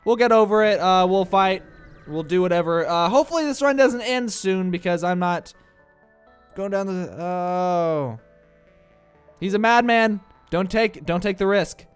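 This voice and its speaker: A young man with a Midwestern accent rambles through casual let's-play commentary, tossing in filler uhs and jokes at his own expense. His voice is smooth and clear, sitting a little higher than most men's, and slightly congested from allergies. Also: unhurried, soft background music. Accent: Midwestern American. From American Midwest. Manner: rambling, self-mocking, many filler uhs. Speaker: gameplay commentator.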